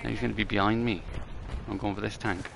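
A man's voice: fairly low pitch, level tone, fast talker, vocal fry. A man streaming a shooter game live, swearing and bantering casually with a teammate. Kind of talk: casual gaming commentary. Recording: gameplay noise behind.

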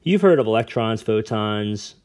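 Lord Asriel, a man reading a calm aloof nobleman. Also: lowish voice, normal speed, close to an everyday voice. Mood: calm, explaining. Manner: calm, explaining at length. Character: cool, aloof nobleman father, calm and lecturing.

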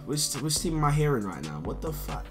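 A man's voice: on the high side, very animated, fairly quick, loud music behind the voice. A man, commentating live gameplay and throwing profane, repetitive insults at other players in voice chat. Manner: brash, profane trash-talking, repeats insults over and over. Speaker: gaming video creator.

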